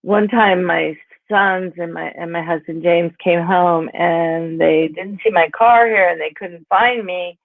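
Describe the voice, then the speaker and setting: A woman's voice: fairly low pitch, measured pace, no room sound. A woman in her sixties from Pennsylvania, an author telling stories about her life in a rambling, casual way, full of "you know" and "like". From Pennsylvania, USA. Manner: rambling, filler-heavy, with frequent "you know" and "like". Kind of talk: casual conversational storytelling. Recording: tinny phone-like call audio.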